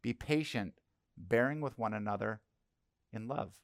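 A man's voice: mid-range voice, normal speed, no echo, studio quality. A middle-aged male pastor giving a conversational sermon and asking the congregation questions.

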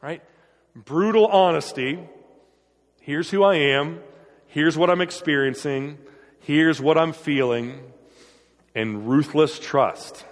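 A man's voice: fairly high pitch, takes it slowly, long pauses, in a large hall. A man preaching a sermon in an earnest, emphatic way, often repeating his phrases. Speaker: pastor.

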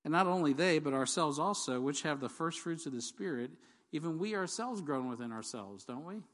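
A man's voice: fairly high pitch, expressive, brisk, a bit bright. A man preaching a sermon in a conversational, jokey way, asking the congregation questions and reading scripture aloud. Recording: long hall reverb.

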